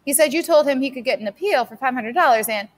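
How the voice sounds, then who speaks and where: A woman's voice: sits high, fast, voice pushed up. A woman reading a novel aloud, voicing a tired, worried mother whose voice cracks when she is upset. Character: weary worried working mother, tearful.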